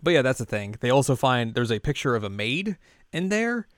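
A young man co-hosting a casual podcast, recapping an anime in a rambling, animated way and now and then jumping into high character voices. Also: fairly quick, no room sound, studio quality. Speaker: podcast co-host.

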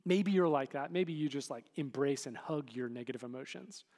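A man preaching a sermon to a congregation in a relaxed, conversational way, full of fillers. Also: medium pitch, normal speed. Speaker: pastor. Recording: hall reverb.

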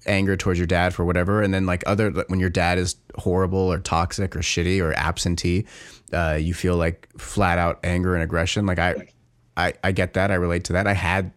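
A man co-hosting a podcast, talking in an animated, exasperated way and filling his speech with "like". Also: low-pitched, brisk. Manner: animated, exasperated critique with frequent "like". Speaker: podcast co-host. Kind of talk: casual chat.

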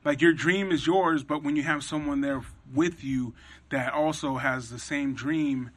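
A man with a slightly high, bright voice hosting a loose chat. He rambles and uses easy slang as he asks his questions. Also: fairly even intonation, a little slow. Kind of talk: casual interview chat.

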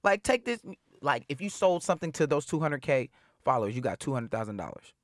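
A young adult rapper from the Seattle area, appearing as an interview guest, chats casually in a relaxed voice full of slang and profanity. He tells energetic stories and jumps into other people's voices. His voice is mid-range and fast, recorded close and dry with little room sound.

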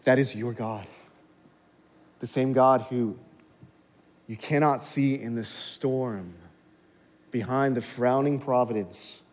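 A male pastor preaching a sermon, swinging from hushed intensity to loud, high exhortation, on a clip-on mic in a church. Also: slow pace, pauses often. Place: church sanctuary. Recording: long hall reverb.

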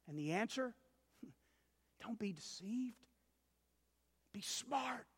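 Slow dramatic preacher in a reverberant hall. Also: male voice, very high-pitched, animated, breathy edge. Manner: dramatic storyteller, large swings in loudness; addresses listeners as "dear ones". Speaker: pastor. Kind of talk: sermon. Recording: long reverb of a large hall.

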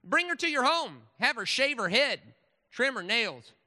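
A man's voice: extremely high pitch, sing-song, a little slow, bright, forceful tone, long reverb tail, pitched above the performer's own voice, heavily acted. A man voicing a fiery, sarcastic Southern preacher with a Southern accent and a brash preaching cadence. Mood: mock preaching.

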